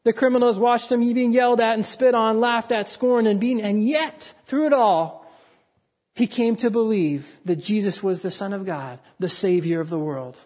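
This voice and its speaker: An earnest preacher in the middle of a sermon to a congregation, pressing each point with emphasis. The voice sits at a middling pitch, neither high nor low. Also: normal speed, a little mellow.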